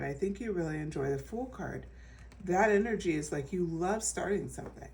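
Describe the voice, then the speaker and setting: Woman tarot reader, casual and reassuring, slightly low voice, mic set back a bit. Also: darkish tone, recorded from a distance, a little hiss or hum. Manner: chatty and reassuring, full of fillers and restarts. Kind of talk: casual pick-a-card tarot reading.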